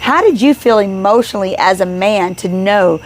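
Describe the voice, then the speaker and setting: A woman in a casual podcast conversation, telling a story at home with lively energy. She slips into the voices of the people in her story. Her voice sits at a middle pitch, with a light hiss in the background. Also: normal speed. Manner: animated storyteller acting out quoted dialogue. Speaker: podcast co-host. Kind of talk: casual chat.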